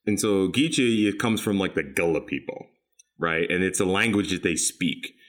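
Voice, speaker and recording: A man's voice: sits low, moderate pace, a bit bright. A man from South Carolina, a podcast guest, talking casually and rambling, with frequent laughs. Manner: laid-back, rambling, laughs often.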